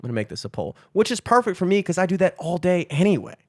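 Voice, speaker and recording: A man's voice: sits high, sing-song, racing, darkish tone, dry recording, clean studio sound. Joking profane man podcast host. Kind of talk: casual chat.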